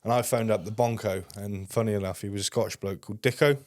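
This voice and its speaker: Podcast guest, young man, low-pitched and dry, swears constantly while he rambles through a story. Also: steady tone, fast talker, a little mellow, no room sound. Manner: heavy swearing, rambling anecdotes. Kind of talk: casual storytelling.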